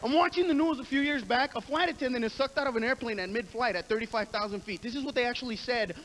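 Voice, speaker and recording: A man doing stand-up, brash and profane, riffing fast on stage. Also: very high voice, fairly bright tone. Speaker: stand-up comedian. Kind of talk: stand-up comedy routine. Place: live comedy stage. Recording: noisy live comedy recording.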